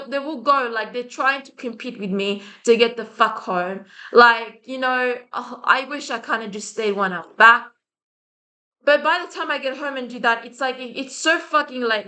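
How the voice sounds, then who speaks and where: Woman, vlogger, angry ranting, lots of swearing, higher-pitched, sharp bright tone. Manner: agitated ranting with frequent swearing and restarts. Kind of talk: heated monologue to camera.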